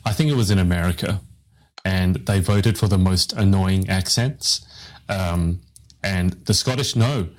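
A man's voice: deep voice, a little slow. A man hosting a live interview show, telling rambling, self-deprecating stories to his guest over a video call. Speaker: podcast host, interviewer.

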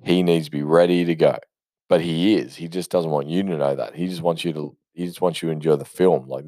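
Very deep-voiced man rambling about films. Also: steady tone, fairly quick, mellow, no echo. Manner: rambling, sweary, loose and offhand. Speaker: film reviewer. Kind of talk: casual unscripted movie review.

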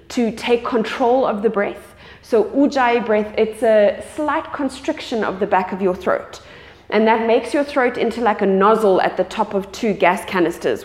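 A woman with a mid-range, slightly mellow voice leads a live yoga class in a studio, guiding students and checking in with frequent "okay"s. The studio is echoey, with long reverb.

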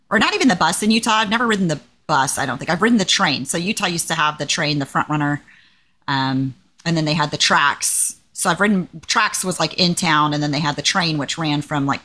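A woman in her forties co-hosting a casual podcast, telling stories with lively acted-out dialogue. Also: fairly low pitch. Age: 40s. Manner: animated storyteller, acts out quoted exchanges. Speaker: podcast co-host. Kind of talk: casual chat. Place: living in Hawaii.

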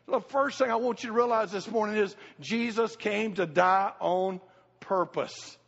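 A middle-aged pastor preaches at a measured pace, his voice sitting high, gravelly and fairly bright. He's folksy and emphatic, repeating his key phrases. The sound is dull and lo-fi, echoing through a reverberant church hall.

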